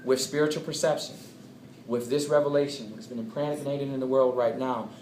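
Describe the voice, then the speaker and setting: A man giving an animated talk to a live audience in a coffeehouse, drawing answers from the listeners. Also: mid-range voice, fairly quick, slight background noise. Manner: animated, draws answers from the crowd. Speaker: speaker. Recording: echoey room with loud ambience.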